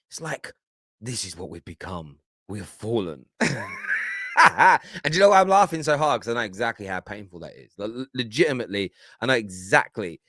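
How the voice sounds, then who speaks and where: A man's voice: mid-range voice, a bit bright, dry recording, studio quality. A man hosting a football reaction show, teasing and laughing as he talks over clips and often restarts his phrases. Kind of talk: animated reaction commentary.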